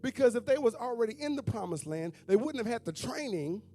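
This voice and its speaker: High-voiced preacher man, sing-song delivery. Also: animated, a little fast, dark tone. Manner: call-and-response preaching with sung, whooping phrases. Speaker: pastor. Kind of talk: preaching a sermon. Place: church sanctuary with congregation. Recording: faint instrument music behind.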